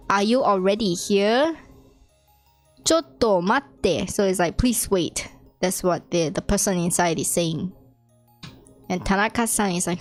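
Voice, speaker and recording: A woman giving a casual, self-taught Japanese lesson to friends, chatty and quick to laugh, acting out quoted lines in a lifted voice. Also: medium pitch. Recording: dry with faint music behind.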